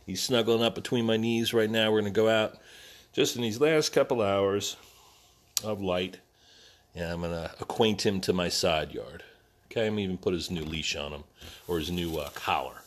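A man's voice: lowish voice, moderate pace. A man in a casual vlog, talking to his new puppy in doting, sing-song dog talk and giving short commands. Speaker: vlogger.

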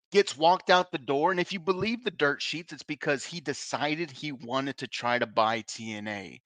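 A man hosts a podcast and vents in a heated, profane, frustrated rant. His voice is tense and forceful and sits a little high. The sound is close and dry. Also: moderate pace, hardly any pauses, dry recording. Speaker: podcast host. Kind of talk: emotional wrestling rant.

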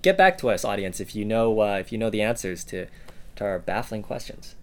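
A man co-hosting a language-learning podcast, explaining words in a relaxed way with fillers. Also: on the low side, fairly quick. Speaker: podcast co-host. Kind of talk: casual language lesson podcast.

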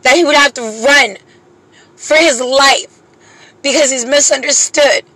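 This is a single mother's emotional monologue to camera: impassioned, pleading, profane, with slow deliberate emphasis, and she is close to tears at times, swearing often. Her voice is high-pitched and sharp, on a dry, rough recording.

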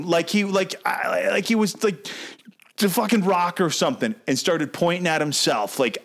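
A man in his thirties, a podcast host, telling a long profane story in an animated, casual way. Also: high voice, unhurried, creaky.

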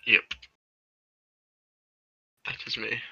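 A man's voice: very slow, bright, forceful tone, highs cut off. A young man with an English accent, a podcast guest chatting casually, laid-back, self-deprecating and swearing often. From England. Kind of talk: casual chat.

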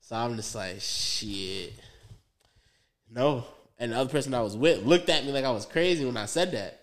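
A man's voice: mid-range voice, quick pace. A young man on a podcast, telling a rambling story in loose, profane slang with lots of fillers and asides. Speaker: podcast co-host. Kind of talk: casual storytelling.

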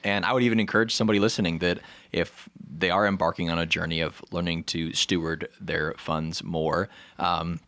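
Very deep-voiced earnest man. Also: level tone, a little fast, few pauses, no echo. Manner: earnest, encouraging, soft-spoken affirmations. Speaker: podcast co-host. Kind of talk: casual podcast chat.

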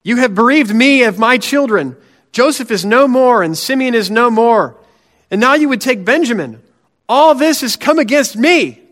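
A man's voice: very high-pitched, lively intonation, normal speed, fairly bright tone, voice pushed up. A man voicing a grieving, self-pitying old patriarch during a sermon scripture reading, raising his voice into an anguished complaining cry.

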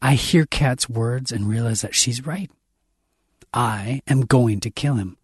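A man reading a dark science fiction story aloud, intense and dramatic, raising his voice for the characters' shouts. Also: medium pitch, slow pace, slightly rough, no room sound, clean studio sound. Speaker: audiobook narrator.

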